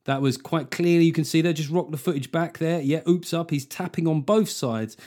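A man hosting a podcast, telling stories in a sweary, jokey, animated way. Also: on the high side, fairly quick. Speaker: podcast host. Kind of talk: casual comedic chat.

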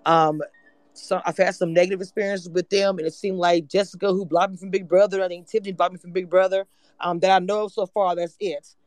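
A woman from hosting a casual live chat, excitable and candid. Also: on the low side, a little fast, dry recording. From Louisiana. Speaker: YouTube channel host.

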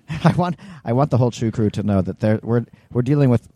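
A man's voice: mid-range voice, expressive, brisk, mellow, no echo, studio quality. Joking, crude man co-hosting. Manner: joking, crude, playful teasing. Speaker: podcast co-host. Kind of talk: casual chat.

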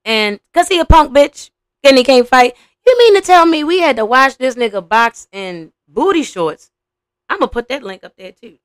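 A young adult woman hosting a podcast, giving blunt, profane, animated reaction commentary. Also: high-pitched, normal speed, no echo, studio quality. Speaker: podcast host.

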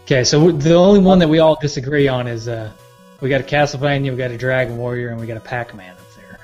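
A man's voice: medium pitch, fast, a little mellow, dull audio, soft background music. A man hosting a podcast, chatting casually in a laid-back way and laughing easily. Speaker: podcast host. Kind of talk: casual chat.

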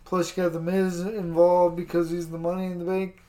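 A man's voice: high-pitched, flat delivery, normal speed, warm tone. A man chatting casually about wrestling, laid-back and rambling, often calling his partner dude. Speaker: co-host.

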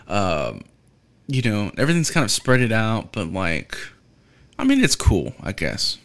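A man talks through a casual podcast monologue, his voice sitting at an ordinary middle pitch. He rambles, restarts his sentences and drops "um"s everywhere. Profanity slips in constantly and easily. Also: big pitch swings, moderate pace, fairly bright tone. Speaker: podcast host.

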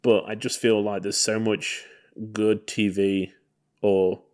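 A man's voice: lowish voice, little pitch movement, slow, a little mellow. A man co-hosting a podcast, talking in a chatty, rambling way with many ums. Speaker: podcast co-host. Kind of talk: casual podcast chat.

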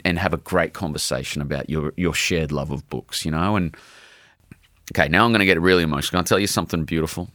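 A man's voice: deep voice, no echo, studio quality. A man, middle-aged, an author talking in an interview, earnest and heartfelt, swearing casually. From Australia. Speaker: author guest. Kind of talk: emotional interview talk.

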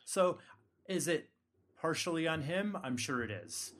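A man's voice: a little high, big pitch swings, unhurried, fairly bright tone. A man hosting a casual podcast chat, joking with co-hosts and giving frank, tough-love advice. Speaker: podcast host.

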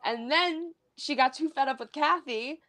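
A woman's voice: high-pitched, measured pace, pushed and bright. Amused young woman chatting as a guest. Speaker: podcast guest. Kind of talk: casual chat.

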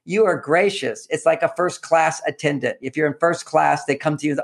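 A fairly high-pitched man with a gravelly edge gives relationship advice as an interview guest. He talks animatedly, repeats his words for emphasis and slips into acting out little exchanges. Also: normal speed, hardly any pauses. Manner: repeats words, acts out quoted lines.

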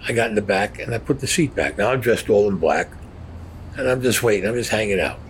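A man's voice: lowish voice, a little fast, a little hiss or hum, low-quality recording. A man bluntly recounting his own past in a casual, profane storytelling style, often acting out what was said. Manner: blunt, profane, acts out quotes.

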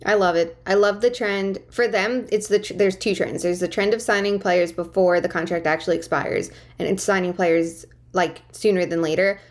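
A woman's voice: lowish voice, steady tone, moderate pace, few pauses. A woman co-hosting a hockey talk show, analyzing a contract with enthusiasm and lots of "like" fillers, over a video call. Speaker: co-host analyst. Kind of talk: casual sports chat.

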